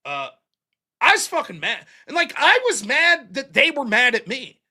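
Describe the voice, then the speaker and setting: A middle-aged American man hosts a livestream in an extremely high-pitched voice at a normal speed. He tells stories casually and animatedly, swearing plenty and laughing often.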